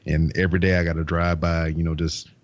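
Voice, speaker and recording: A man's voice: deep voice, little pitch movement, fast talker. A man guesting on a podcast, talking in a laid-back drawl with lots of fillers. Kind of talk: casual chat. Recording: dull lo-fi mic.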